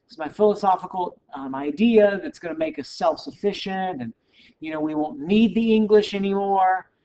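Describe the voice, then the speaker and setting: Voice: mid-range voice, normal speed, warm tone, lightly acted. A lecturer briefly voicing a flustered, apologetic male president in a lecture, in a dull lo-fi recording.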